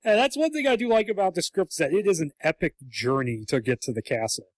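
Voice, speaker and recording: A man with a fairly high voice, co-hosting a casual podcast chat. He talks animatedly and slips into comic voices for quotes. The sound is dry and close. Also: expressive, quick pace, no room sound. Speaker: podcast co-host.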